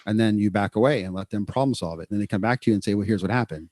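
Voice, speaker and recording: A man hosting a podcast, explaining child behavior training in a casual, animated way and acting out what parents and kids say. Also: lowish voice, very fast, hardly any pauses, no room sound, clean studio sound. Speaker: podcast host, clinician.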